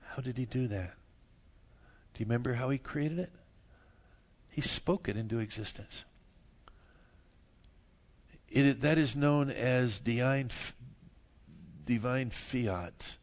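Man preaching with loud, emphatic swings. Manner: swings from low and quiet to loud and emphatic, chuckles at his own jokes. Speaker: pastor. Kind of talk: sermon.

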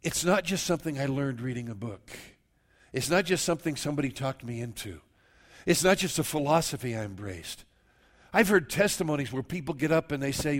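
A man preaches a sermon through a head cold, stopping now and then for a cough. His delivery is animated, and he slips into the voices of the people he quotes. His pitch sits in the middle for a man. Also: fairly quick. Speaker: pastor.

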